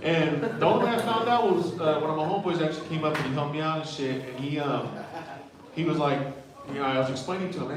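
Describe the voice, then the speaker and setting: A man's voice: a little high, fast talker. A young man doing stand-up comedy, telling loose, profane stories full of fillers in a club. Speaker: stand-up comic and emcee. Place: comedy club stage with live audience. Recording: very echoey room, far from mic, crowd.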